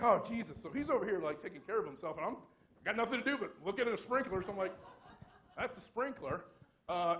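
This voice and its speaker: A man's voice: high voice, a bit bright. Chatty man telling a story on stage. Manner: casual, rambling, many fillers and restarts; self-mocking humor, laughs at own story. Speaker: conference speaker. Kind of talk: live storytelling talk.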